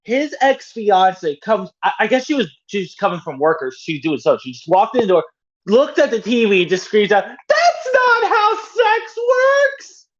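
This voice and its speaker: A man co-hosting a podcast in a relaxed chat, his voice sitting high and swinging animatedly. He talks eagerly, often stumbling and restarting his words. The recording sounds dull and lo-fi. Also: fairly quick. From North Carolina. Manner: stammering, enthusiastic. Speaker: podcast co-host. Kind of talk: casual chat.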